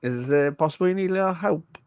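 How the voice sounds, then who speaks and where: A man voicing a cheeky young male wizard in an exaggerated mock Cockney accent, high and loud. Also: quick pace, clear, resonant tone, no echo, clean studio sound, natural voice.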